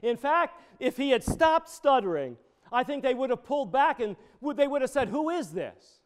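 Middle-aged male pastor, high clear voice, chatty storytelling sermon. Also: lively intonation, moderate pace. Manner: conversational, digressive with personal stories.

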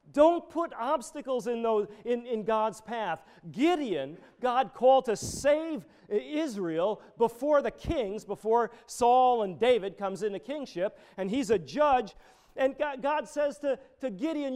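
A man's voice: very high voice, darkish tone, smooth. A middle-aged man, a pastor, preaching a conversational sermon full of personal stories.

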